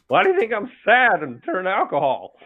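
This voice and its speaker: A man's voice: high voice, wildly swooping pitch, a little slow, narrow, tinny audio, voice pushed up, full character voice. A man putting on a Southern accent to play an old, boozy male gold prospector. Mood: rowdy. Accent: American Southern.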